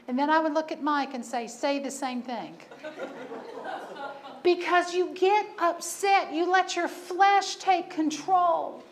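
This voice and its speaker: A woman pastor delivers a sermon in a very high voice, telling stories and laughing at herself. She drives her points home by repeating them. A faint hiss sits under the recording. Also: slow pace. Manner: storytelling, laughing at herself, emphatic repetition.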